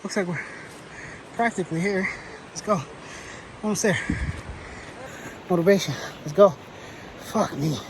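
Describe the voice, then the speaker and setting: A man's voice: high-pitched, measured pace, long pauses, background noise. A man hiking a forest trail toward a waterfall while filming a travel vlog, out of breath, exclaiming and swearing often. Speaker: travel vlogger.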